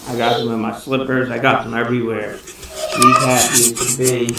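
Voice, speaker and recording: A young man chatting loosely through an unboxing vlog in his home kitchen, often breaking into loud exclamations. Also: mid-range voice, little pitch movement, moderate pace, a crowd in the background. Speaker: hobby snake breeder vlogger. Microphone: phone camera set across the room. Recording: echoey, distant and noisy room sound.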